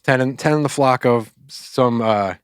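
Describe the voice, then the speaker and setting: A man co-hosting a faith podcast, casually retelling a Bible story in loose, chatty speech, with quick asides and quoted lines. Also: medium pitch, smooth, dry recording, studio quality. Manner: loose, conversational, acts out quotes with filler words. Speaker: podcast co-host.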